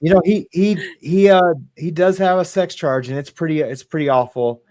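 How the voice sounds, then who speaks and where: A man's voice: on the high side, a little mellow, no room sound. Rambling laughing male co-host. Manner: rambling, laughs often, halting restarts. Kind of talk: casual chat.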